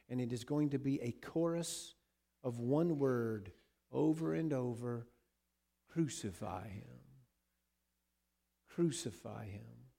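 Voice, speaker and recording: A male preacher with a gravelly, mellow voice. He delivers his sermon with dramatic swings, rising to loud emphasis and then dropping to hushed, repeated words. His voice stays at a middle pitch throughout. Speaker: pastor.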